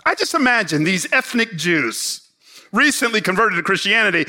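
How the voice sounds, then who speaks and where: A middle-aged man, a pastor, preaching a sermon in an animated, joking way. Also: high voice, normal speed.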